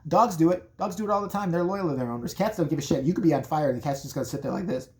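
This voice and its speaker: A woman telling a profane, rambling comedic story in a brash, animated way. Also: low-pitched, very fast.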